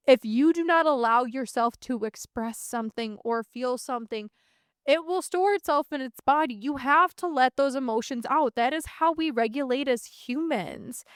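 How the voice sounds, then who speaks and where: High-voiced candid woman in her thirties. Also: smooth, no room sound, studio quality. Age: 30s. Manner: candid, earnest, swears casually. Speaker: podcast host. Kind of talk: reflective solo podcast monologue.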